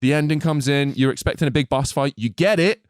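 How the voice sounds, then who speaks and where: Male podcast co-host, excitable and sweary, high lively voice, dry sound. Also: fairly quick, clear, resonant tone, no echo. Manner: excitable, swearing, acts out scenes. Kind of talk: casual movie review chat.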